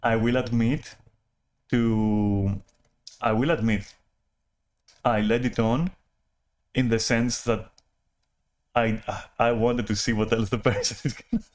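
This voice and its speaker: A man's voice: mid-range voice, fairly even intonation, takes it slowly, long pauses. A man talking in a casual rambling monologue, often apologizing, laughing and swearing as he restarts his sentences. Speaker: channel host.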